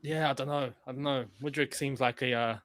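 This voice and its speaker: A man's voice: medium pitch, fairly even intonation, crowd noise. A man on a casual football chat panel, telling stories and acting out what people said. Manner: quick, storytelling, acts out quotes.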